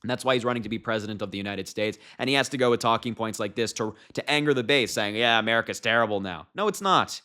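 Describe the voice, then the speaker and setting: A man's voice: on the low side, steady tone, fast talker, few pauses, fairly bright tone. A young man giving casual political commentary to his viewers, mocking and laughing as he talks.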